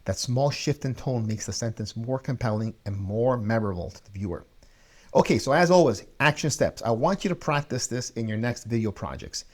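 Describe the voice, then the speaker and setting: A man's voice: mid-range voice, brisk, darkish tone. A man hosting a video coaching show, talking energetically and stressing key words as he teaches. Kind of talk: energetic instructional talk.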